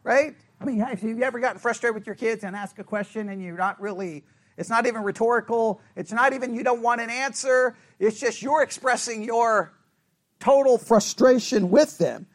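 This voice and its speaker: A man teaching a Bible study class in an animated, conversational way, asking the class questions and correcting himself as he goes. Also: very high voice, normal speed.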